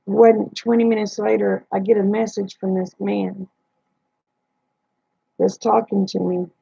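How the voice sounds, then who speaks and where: A woman's voice: mid-range voice, little pitch movement, measured pace, creaky, warm tone, slightly rough, no room sound. A woman hosting a livestream, telling a personal story in a plain-spoken way and retelling the dialogue. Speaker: livestream host. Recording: dull lo-fi dry sound.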